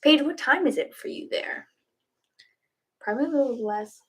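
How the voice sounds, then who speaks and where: A woman's voice: high voice, expressive, normal speed, a bit bright, breathy edge. A woman chatting casually and giggling with her students and her cats before a live online yoga class. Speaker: yoga instructor.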